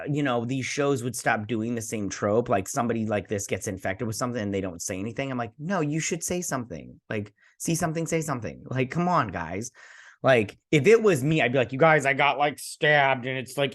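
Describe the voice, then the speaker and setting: Rambling sarcastic man recapping a show. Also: fairly low pitch. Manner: rambling, sarcastic, mock-quotes characters. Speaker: host. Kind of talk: casual episode recap and review.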